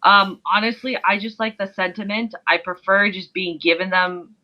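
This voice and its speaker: A woman's voice: medium pitch, steady tone, moderate pace. A married woman in a casual podcast chat, firmly opinionated and laying out her rules. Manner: opinionated, lays down firm stipulations. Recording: muffled lo-fi mic.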